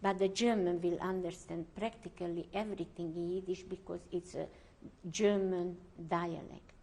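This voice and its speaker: A woman's voice: fairly low pitch, fairly even intonation, moderate pace, a little mellow. An older woman giving oral history testimony as a Holocaust survivor, speaking, often searching for words and restarting her sentences.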